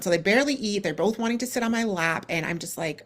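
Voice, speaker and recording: A woman in her thirties hosting a podcast, telling a long story in a casual, animated way, full of "like" and acted-out dialogue. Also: fairly low pitch, brisk, few pauses. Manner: animated, lots of "like" and quoted dialogue. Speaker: podcast co-host.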